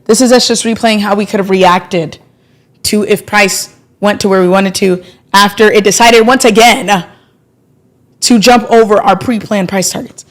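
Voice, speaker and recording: Young woman who hosts a casual live trading stream. Chatty and playful, gets excited easily. Mid-range voice. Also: medium pitch, moderate pace. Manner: chatty and playful, thanks subscribers, bursts of excitement. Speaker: livestream trading host.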